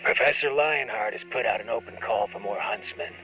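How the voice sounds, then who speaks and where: A man's voice: mid-range voice, a little fast, bright, forceful tone, faint music behind, poor audio. A man voicing a grizzled male huntsman who gives a wry, drawling mission briefing heard through a ship's speakers. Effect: played through ship speakers.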